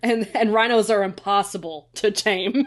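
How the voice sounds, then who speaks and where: A woman co-hosts a relaxed film podcast and reads trivia aloud. She laughs in the middle of sentences and curses casually. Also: mid-range voice, normal speed. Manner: laughs while reading, casual swearing. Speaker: podcast co-host.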